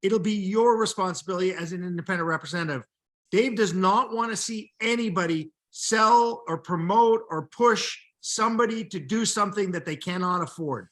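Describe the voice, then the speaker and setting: A man's voice: high-pitched, moderate pace, a bit bright. A man hosting a live video call, explaining company rules steadily and point by point. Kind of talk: explanatory business talk.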